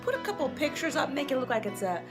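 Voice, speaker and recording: A woman's voice: high-pitched, very animated, fast, over loud music, pitched above the performer's own voice. A woman voicing a female documentary filmmaker who interviews an actress in an improv comedy mockumentary, gushing and enthusiastic.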